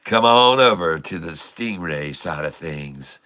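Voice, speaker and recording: A man's voice: low-pitched, lively intonation, takes it slowly, sharp tone. A middle-aged man hosting a casual livestream, cracking puns and laughing often. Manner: jokey and pun-loving, laughs often. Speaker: livestream host.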